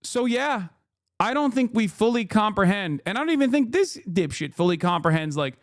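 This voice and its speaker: A man's voice: high voice, very animated, moderate pace, no room sound, clean studio sound. A man in his thirties streaming political reaction commentary, ranting in profane, incredulous bursts. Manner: incredulous, profane, emphatic rants.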